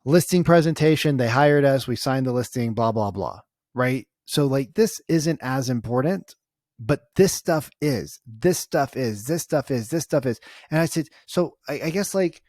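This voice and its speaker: A man coaching real estate agents in a casual walkthrough, energetic and constantly tagging his points with "right?". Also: medium pitch, moderate pace, dry recording, clean studio sound. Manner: acts out client conversations in storytelling bursts.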